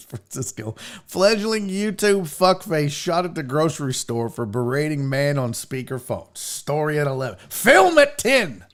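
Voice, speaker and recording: A man's voice: on the high side, a little slow, clean tone. A man hosting a casual show, ranting comically and profanely about pet peeves while reading viewer comments. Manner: profane, exasperated, animated storytelling. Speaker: show host.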